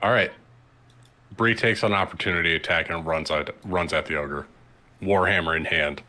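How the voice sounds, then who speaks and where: A man playing a tabletop game as a player, laughing often and getting excited about dice rolls. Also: deep voice, moderate pace.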